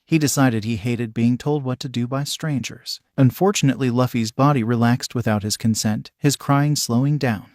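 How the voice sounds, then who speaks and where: A man's voice: mid-range voice, normal speed, hardly any pauses, a little mellow, dry recording, clean studio sound. A man steadily narrating a fanfiction story.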